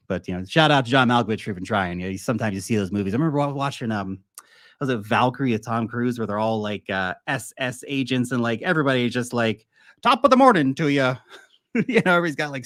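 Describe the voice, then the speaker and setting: A man's voice: medium pitch, a bit bright, no echo, studio quality. Chatty man riffing on crypto news. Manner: chatty and off-the-cuff, with asides and quick laughs; blunt and opinionated. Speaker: crypto channel host. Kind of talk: casual market commentary to camera.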